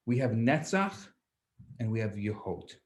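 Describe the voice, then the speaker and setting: Animated male rabbi telling a story. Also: lowish voice, measured pace. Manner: animated storyteller, acts out children's voices, stammers on restarts. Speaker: rabbi teaching a class. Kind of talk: storytelling lecture.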